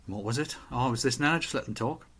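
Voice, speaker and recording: A man co-hosting a relaxed podcast, talking in a reflective, rambling way. He questions himself aloud and restarts his sentences often. His voice sits at an ordinary middle pitch. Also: fast, breathy edge. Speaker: podcast co-host. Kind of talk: casual chat.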